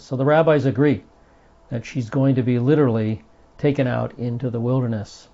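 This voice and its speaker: A gravelly-voiced man teaches a Bible study in an earnest, emphatic way and stresses the passages he reads. His voice is dark and mellow. The recording is dull and lo-fi. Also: medium pitch, steady tone, normal speed.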